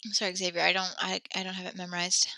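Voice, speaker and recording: Bright-toned woman teaching French online. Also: fairly low pitch, monotone, gravelly, no echo. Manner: patient, encouraging, reads French slowly.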